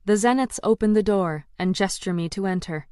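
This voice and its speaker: A woman's voice: medium pitch, fairly quick, dark tone, smooth, no room sound. A woman reading a first-person audiobook with tense, dramatic delivery. Her voice sits in a middle range. The recording is dry and close. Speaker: audiobook narrator.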